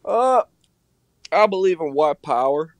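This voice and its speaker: Man in his thirties, guest on a speakerphone call, blunt and curt, slightly higher pitched, dry sound. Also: lively intonation, unhurried, no echo. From Mississippi, US. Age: 30s. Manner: blunt, short declarative answers. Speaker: interview guest. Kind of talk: phone call conversation. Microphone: phone on speaker.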